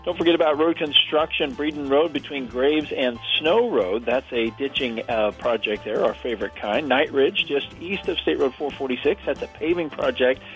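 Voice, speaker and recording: A man from as a regular radio guest, friendly and quick to laugh. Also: mid-range voice, a bit bright, faint music behind, rough recording. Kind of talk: casual radio chat.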